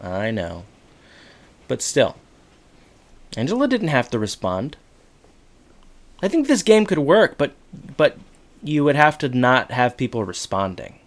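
A man with a mid-pitched voice co-hosts a podcast in relaxed, casual chat. He retells a TV episode in a chatty way, quoting the characters' dialogue and adding quick asides. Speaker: podcast co-host.

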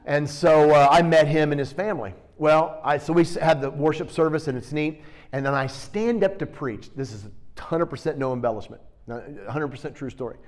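A middle-aged man preaching a sermon, teaching with animated, emphatic bursts and storytelling. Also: on the high side, normal speed.

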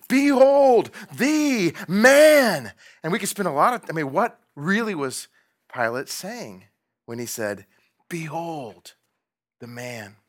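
Bright-voiced man preaching with drama. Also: medium pitch. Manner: dramatic, acts out quotes, varies loudness widely. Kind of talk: sermon. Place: room with a painting behind him.

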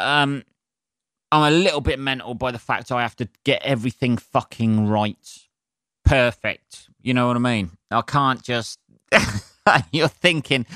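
A man rants alone into his podcast mic, swearing freely and laughing at his own temper. His voice is bright and forceful, recorded close and dry. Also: medium pitch, no echo. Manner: sweary, ranting, self-mocking. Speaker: podcast host. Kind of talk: solo podcast rant.

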